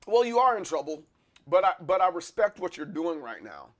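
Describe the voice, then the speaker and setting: A man hosting a casual live stream, chatting with his viewers in a rambling way, with many restarts and bursts of excitement. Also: high-pitched, moderate pace. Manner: rambling, restarts a lot, chuckles and gets excited. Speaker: livestream host. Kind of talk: casual chat answering live chat.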